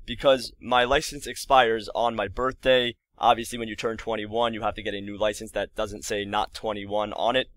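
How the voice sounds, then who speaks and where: A man's voice: on the low side, little pitch movement, fairly bright tone, no echo. Exasperated young man telling a story. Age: early 20s. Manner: exasperated, rambling retelling with quick asides. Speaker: vlogger. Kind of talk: casual storytelling to camera.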